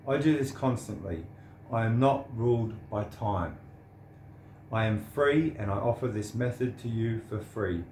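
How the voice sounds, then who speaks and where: A man's voice: lowish voice, a little slow, a little mellow, roomy sound, a little hiss or hum. An earnest, sincere man, giving a preachy personal monologue to the camera. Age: 30s. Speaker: vlogger.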